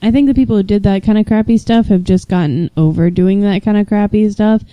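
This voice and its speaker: A young woman co-hosting a podcast in casual chat, chatty and quick to laugh as she tells stories. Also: medium pitch, no room sound, lo-fi sound. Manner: chatty, laughs often, storytelling. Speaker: podcast co-host.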